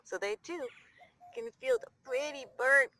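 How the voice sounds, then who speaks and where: A woman's voice: sits high, very animated, a little slow, bright, forceful tone. A woman filming on her phone outdoors, chatting in doting baby talk to her pet goose and to her viewers. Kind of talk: casual chat. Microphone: handheld phone.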